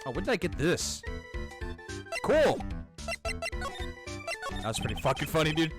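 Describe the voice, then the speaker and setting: A man's voice: on the high side, huge pitch swings, slow pace, pauses often, over music. A man streaming a video game, commenting in a casual, profane, jokey way.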